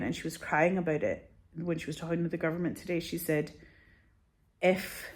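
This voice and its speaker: Anxious rambling woman, low voice. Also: darkish tone. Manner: rambling, swears often, anxious and candid. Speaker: vlogger. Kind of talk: casual chat to camera.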